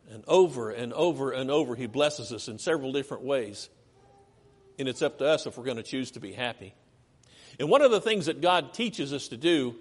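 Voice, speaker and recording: A man preaching a sermon in a church, his voice pitched high and swooping up and down as he fires rhetorical questions at the congregation. He slips into whiny characters to make his point, and the long hall reverb rings after every phrase. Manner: animated, rhetorical questions, acts out whiny complainers.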